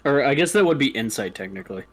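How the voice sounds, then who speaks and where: A man's voice: mid-range voice, lively intonation, fast talker, rough recording. A young man narrating as dungeon master in a casual, joking way. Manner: casual, swears, plays the townsfolk lines himself. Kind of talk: narrating a tabletop game.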